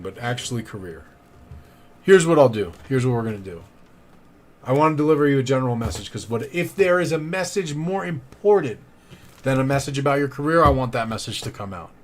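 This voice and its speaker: A man's voice: mid-range voice, animated, fairly quick. A man streaming tarot readings live, chatting casually, rambling and thanking viewers by name. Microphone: studio condenser mic.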